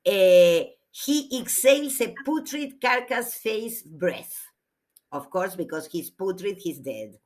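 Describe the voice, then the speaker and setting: A woman, a literature teacher giving a classroom lecture, reading aloud slowly and explaining with hesitations. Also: medium pitch, lively intonation, a little mellow.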